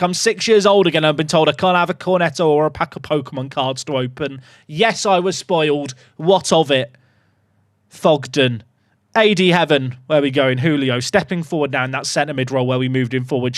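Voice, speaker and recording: A young man streaming a football management game, commentating casually with sarcastic, excitable swings. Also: fairly high pitch, moderate pace, no room sound, studio quality. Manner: animated, sarcastic, swings between excitement and mock despair. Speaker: gaming streamer.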